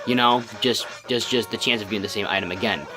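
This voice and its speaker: Talking fast over music in a voice on the low side, a young let's play host rambles through casual gameplay commentary. He keeps saying um and starting over, his voice scratchy since he has only just woken up.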